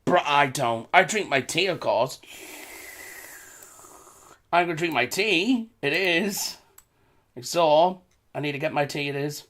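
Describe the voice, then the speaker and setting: This British vlogger takes his time, leaving long pauses in his fairly high, slightly bright voice. His commentary is casual and rambling, full of repetition and little chuckles between remarks.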